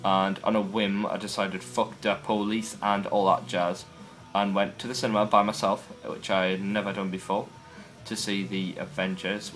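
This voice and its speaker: A man with a very low voice chats to camera in a casual vlog. He talks in a wry, self-deprecating way, with faint music playing behind him. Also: a bit bright. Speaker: vlogger.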